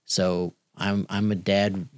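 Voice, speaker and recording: Brief: middle-aged male host, lowish voice, dry close sound, earnest and encouraging. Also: level tone, slow, smooth, dry recording. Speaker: podcast host. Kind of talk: podcast conversation.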